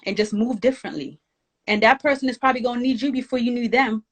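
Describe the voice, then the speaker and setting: A woman's voice: on the high side, quick pace, a bit bright. A woman from Jamaica, a guest and author speaking emphatically and encouragingly in an inspirational conversation. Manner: emphatic, encouraging, preacher-like exhortation.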